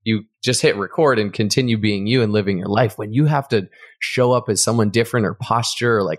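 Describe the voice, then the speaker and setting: A man co-hosting a podcast, reflecting earnestly in a somewhat low voice. The sound is dry, with little room echo. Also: a little fast. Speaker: podcast co-host. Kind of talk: casual interview talk.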